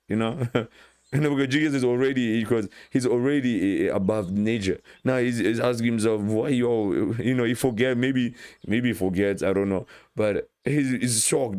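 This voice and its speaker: A man's voice: fairly low pitch, moderate pace, no room sound, clean studio sound. A man preaching an informal sermon, retelling Bible scenes with acted-out quotes and frequent word repeats. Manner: animated, acts out Bible scenes with quoted voices, repeats words.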